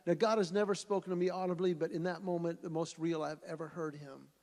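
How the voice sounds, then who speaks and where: Male event speaker, lively storyteller, reverberant hall. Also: fairly high pitch, quick pace, few pauses. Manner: animated storyteller who acts out voices. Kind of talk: storytelling speech to an audience.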